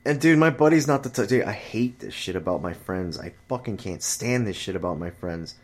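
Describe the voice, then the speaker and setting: A man's voice: expressive, a little fast. A man ranting casually about his friends and dating, swearing often and jumping his voice up to mimic other people. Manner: profane, exasperated storytelling; jumps high to mimic chatty friends and women. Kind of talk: casual rant.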